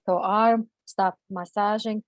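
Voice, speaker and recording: A woman, a guest on an interview show, telling a personal story in halting, emotional, non-native English, full of fillers and restarts. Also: mid-range voice, steady tone, dry recording, poor audio.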